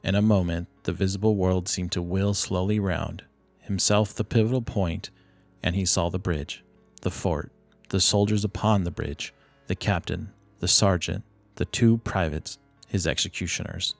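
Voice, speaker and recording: A man narrating a classic short story as an audiobook, reading in a steady, measured way. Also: vocal fry, dry recording. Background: low ambient music.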